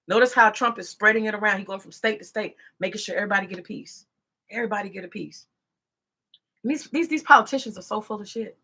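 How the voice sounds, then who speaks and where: A female political commentator rants heatedly in a casual monologue, swearing, scolding, and repeating herself as she gets worked up. Her medium-pitched voice is quick, bright, forceful, and slightly rough.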